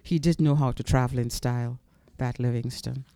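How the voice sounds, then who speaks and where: A man at a club venue reading literary prose aloud, measured and deliberate, with pointed pauses. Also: mid-range voice, fairly even intonation, dark tone. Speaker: reader at a literary event.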